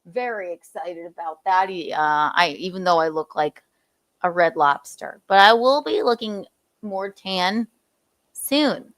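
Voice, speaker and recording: A woman's voice: medium pitch, a little slow, fairly bright tone. A woman co-hosting a podcast, chatting casually with swearing and asides. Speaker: podcast co-host.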